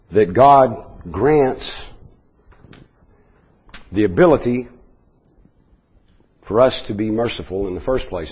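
A man preaching a Bible teaching sermon, explaining verses in a measured way with restarts and asides. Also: mid-range voice, slightly rough, dull audio.

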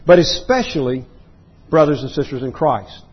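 A man preaching an expository sermon as pastor, emphatic, often clearing his throat and repeating words. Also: mid-range voice, expressive, normal speed, dull audio. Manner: emphatic preaching that rises into voiced outbursts.

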